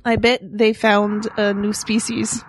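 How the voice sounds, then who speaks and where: A woman's voice: medium pitch, little pitch movement, slow pace, slight background noise, close to an everyday voice. A woman playing a bored, sarcastic female cosmonaut with a mock Russian accent in an improvised comedy bit. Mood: playful.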